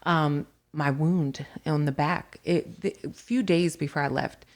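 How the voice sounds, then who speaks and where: Lively woman telling her story. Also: deep voice, unhurried, slight background noise. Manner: lively, frequent "like" fillers. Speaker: podcast guest. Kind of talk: casual storytelling chat.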